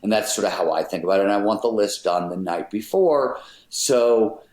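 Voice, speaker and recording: A man's voice: on the low side, moderate pace, darkish tone. A middle-aged man, a podcast guest, explaining his ideas in an emphatic, casual way, with an occasional swear word. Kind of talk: casual interview talk. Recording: roomy echoey sound.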